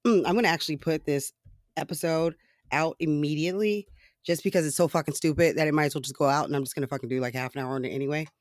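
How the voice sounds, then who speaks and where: His voice is a little high and his pace quick as he rants solo about politics on his own podcast. The talk is casual, sarcastic and heavy on swearing, broken up by laughter and rambling fillers. No echo; clean studio sound.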